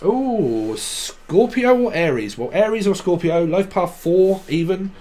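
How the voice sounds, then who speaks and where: Playful Cockney man, rather high voice. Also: expressive, unhurried, darkish tone. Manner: playful free word association, swearing, frequent laughs. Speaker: tarot reader. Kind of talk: rambling channelled tarot reading.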